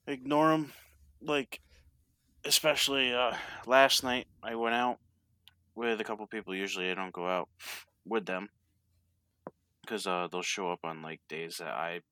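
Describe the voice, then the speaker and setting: A man's voice: fairly low pitch, fairly even intonation, a little slow, long pauses, pushed and bright, smooth, no room sound. A man in casual chat, telling a laid-back, profane story.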